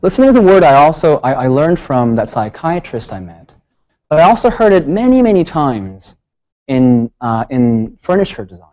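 A man giving a public lecture, telling stories with lively rhetorical questions. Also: on the high side, moderate pace, lo-fi sound. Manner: animated storytelling with rhetorical questions. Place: lecture hall.

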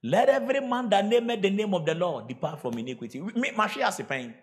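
A middle-aged man with a Ghanaian accent preaching a sermon, swinging from shouts to quiet storytelling and laughing as he goes. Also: high voice, lively intonation, fast talker. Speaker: pastor.

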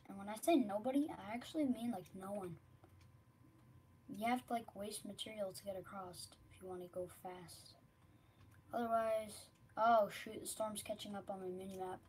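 A woman giving casual, rambling commentary while streaming a video game, often dropping to quiet mutters. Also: mid-range voice, normal speed, slight background noise. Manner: chatty, rambling, drops to mutters.

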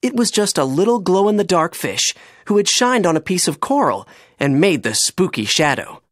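Storybook reader, super lively, bouncy, dry close sound. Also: mid-range voice, moderate pace, no room sound. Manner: expressive, animated read-aloud. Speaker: narrator. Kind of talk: children's storybook reading.

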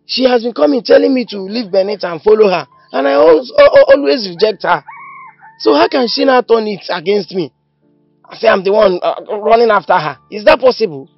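A pleading, stammering accused boyfriend. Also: male voice, high voice, expressive, a little fast, gravelly, no echo, highs cut off, faint music behind, full character voice. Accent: Nigerian. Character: distressed young man accused of cheating, pleading.

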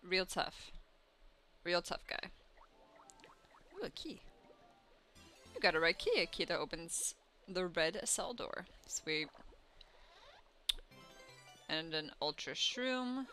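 A woman's voice: lowish voice, very animated, takes it slowly, long pauses, sharp tone. A woman casually commenting while playing a video game, chatty and giggly. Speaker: gamer. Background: game music.

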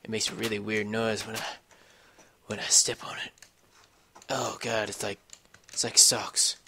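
A man's voice: on the low side, level tone, measured pace, pushed and bright, slight background noise. A man giving casual, rambling commentary over a video game at home, swearing often and talking to himself as he plays. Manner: rambling, swears a lot, talks to himself while playing. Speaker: gameplay commentator. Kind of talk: casual let's-play commentary. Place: home room with a computer.

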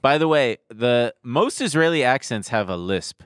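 A man's voice: medium pitch, lively intonation, normal speed, hardly any pauses, no echo, clean studio sound. A man co-hosting a podcast in casual, joking chat, often trailing off with fillers. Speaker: podcast co-host.

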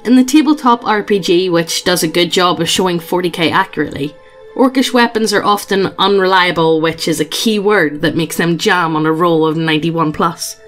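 A woman's voice: lowish voice, normal speed, soft background music. A woman co-hosting a podcast, reading fan posts aloud in a dry, matter-of-fact way. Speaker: podcast co-host.

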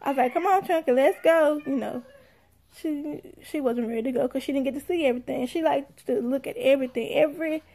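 Sassy high-voiced woman telling a story. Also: quick pace, gravelly. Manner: animated, sassy, acts out quotes. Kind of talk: casual storytelling.

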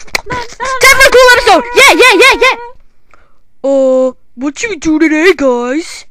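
A woman voicing a team of hyper, silly highlighter space heroes in a homemade puppet show, bouncy and teasing. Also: a little slow, heavy background noise. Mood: giddy. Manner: giddy, bouncy, shouty teasing.

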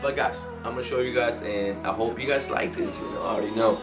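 A man's voice: mid-range voice, fast talker, music in the background. A young man hosting his own video, rambling casually with many fillers. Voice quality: rambling, heavy use of fillers. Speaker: youtuber host.

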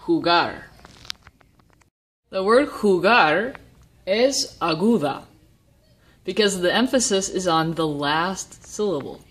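Low-voiced woman teaching a lesson. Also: breathy edge. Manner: slow, deliberate pronunciation of example words. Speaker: Spanish teacher. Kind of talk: explanatory lesson voice-over.

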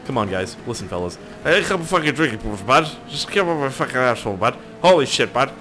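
A man's voice: medium pitch, big pitch swings, fairly quick, sharp tone, soft background music. A young man giving casual, rambling gameplay commentary, swearing and joking with viewers. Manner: rambling, profane, jokey, talks to viewers. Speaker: gaming YouTuber.

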